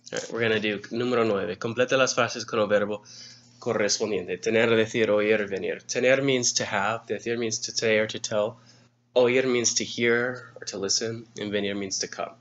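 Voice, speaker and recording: A man's voice: fairly low pitch, steady tone, brisk, fairly bright tone. A man teaching a grammar review lesson, explaining patiently and spelling words out letter by letter. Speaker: Spanish teacher. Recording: dull lo-fi recording.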